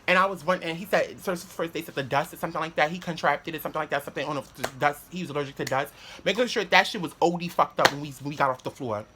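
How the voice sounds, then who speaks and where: A man's voice: on the high side, rapid-fire. A young man spins a rambling story straight to camera. He talks in heavy slang with plenty of swearing and stumbles through restarts. There is a faint hiss under his voice. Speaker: vlogger.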